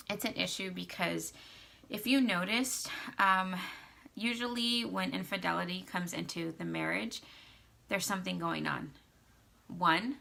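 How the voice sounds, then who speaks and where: Chatty woman with a gravelly bright voice. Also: lowish voice. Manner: chatty, many fillers, acts out quotes. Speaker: vlogger giving marriage advice. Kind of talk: casual advice talk to camera.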